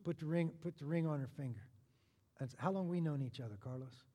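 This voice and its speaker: A man with a high voice preaches a sermon a little fast, full of lively energy. He's animated and tosses joking asides to the congregation, while a long reverb makes it sound like he's in a large hall.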